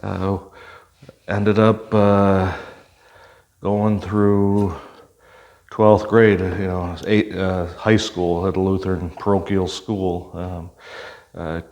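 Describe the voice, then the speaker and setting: Older man, very low voice, retired cop guest, unhurried storytelling, thoughtful pauses. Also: little pitch movement, a little mellow. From Michigan, US. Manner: unhurried, reflective, frequent "uh" pauses. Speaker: retired police officer, podcast guest. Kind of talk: casual storytelling interview.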